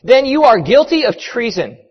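A stern, commanding judge pronounces sentence loudly, acted by a man in a high, strained voice. A long hall echo trails each phrase, and the sound is muffled. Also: sing-song, moderate pace, breathy edge, heavily acted. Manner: loud, commanding, raised voice.

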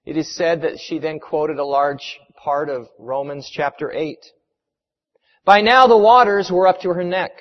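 A man preaching a sermon, retelling a story with dramatic, emphatic pauses. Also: fairly high pitch. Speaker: pastor. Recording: reverberant hall, muffled sound.

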